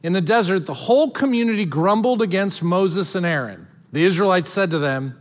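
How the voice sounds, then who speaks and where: A man's voice: high-pitched, animated, brisk, few pauses, long reverb tail. A man preaching as a pastor, moving between reading scripture aloud and casual, joking asides to the congregation. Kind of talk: sermon.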